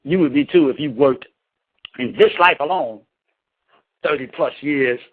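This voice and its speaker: A man's voice: on the high side, unhurried, husky. Scolding preacher man on a tinny line. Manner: emphatic, scolding, slangy with cursing. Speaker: spiritual leader. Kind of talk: preaching address to followers. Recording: tinny phone-like sound.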